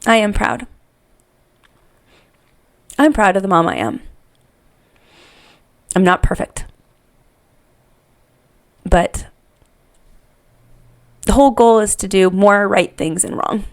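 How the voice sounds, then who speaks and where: A woman's voice: mid-range voice, animated, slow, pauses often. A middle-aged woman hosting a parenting podcast, speaking unscripted and earnestly, often repeating herself as she searches for words. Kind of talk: unscripted heartfelt podcast monologue.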